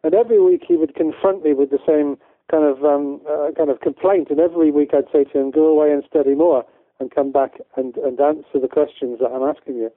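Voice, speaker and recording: A man's voice: a little high, fairly even intonation, a little fast, no room sound. A man from the UK, a guest educator in a casual interview, talking in a rambling way with many restarts. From United Kingdom. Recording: tinny phone-line audio, dry.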